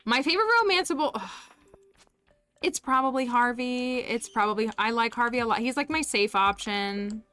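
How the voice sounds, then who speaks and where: A woman's voice: a little high, normal speed, pushed and bright, clear, resonant tone, faint music behind. A woman chatting casually to viewers while streaming a farming game, giggly and talkative. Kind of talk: casual live-stream chat while gaming.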